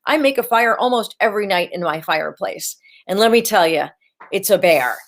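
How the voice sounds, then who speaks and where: A woman hosting a live-stream coaching session, talking in an energetic, chatty way and repeating her key words. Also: medium pitch, a little fast. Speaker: video coach hosting a livestream.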